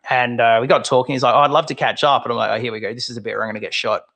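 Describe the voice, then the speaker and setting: A guest in his thirties with an Australian accent tells lively stories in casual conversation, imitating the voices of the people he quotes. He speaks very fast in a mid-range voice.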